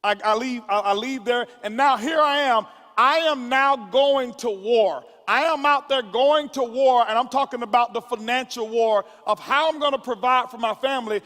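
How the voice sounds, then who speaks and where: A man's voice: extremely high pitch, moderate pace, hardly any pauses, bright, forceful tone. A man giving a motivational speech to a conference audience, stumbling through repeated words and building up like a preacher. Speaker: motivational speaker. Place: large conference hall. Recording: long hall reverb from a live event.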